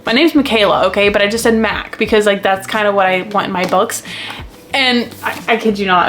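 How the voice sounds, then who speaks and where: Excitable girl in her 20s rambling about books she loves, super gushy. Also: medium pitch, a little fast. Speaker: book vlogger. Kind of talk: casual chat to camera.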